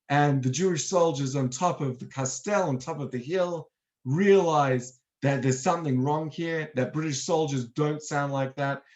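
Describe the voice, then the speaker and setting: Guy giving an online history talk, slightly high voice, tells it like a story. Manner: lively storyteller who acts out quotes. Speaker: tour guide and lecturer. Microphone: online video talk.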